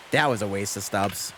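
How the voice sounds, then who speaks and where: A young man chatting casually on a live game stream, rambling with lots of fillers as he answers chat. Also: on the low side.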